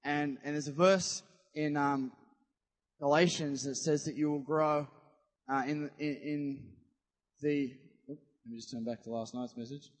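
A man preaching a sermon to a church congregation, animated and conversational, often asking the crowd questions. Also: fairly high pitch, measured pace, long pauses. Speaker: pastor. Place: church hall. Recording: long church-hall reverb.

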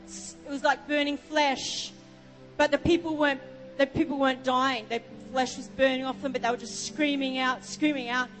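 An Australian woman preaching from the front with a high voice, telling a story and wandering off into asides. Her words ring out in a long, echoing reverb with soft music underneath. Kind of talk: sermon.

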